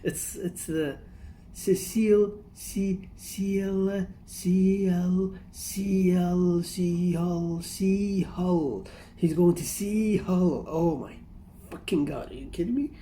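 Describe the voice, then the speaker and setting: A man's voice: high voice, slow, dark tone, slight background noise. A man hosting a casual reaction commentary, rambling and amused, often breaking into laughter. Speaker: reaction video host.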